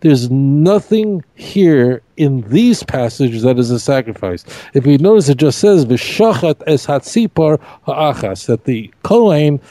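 A middle-aged man, a rabbi, teaching scripture in an emphatic, animated way, repeating key phrases on a podcast. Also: on the high side, unhurried, few pauses, no room sound. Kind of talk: podcast Bible discussion.

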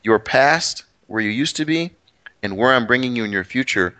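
A middle-aged man co-hosting a relaxed Bible discussion, his voice mid-pitched and ordinary. He rambles, restarting phrases often, then leans hard on key words. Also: moderate pace. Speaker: co-host. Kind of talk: casual Bible study chat.

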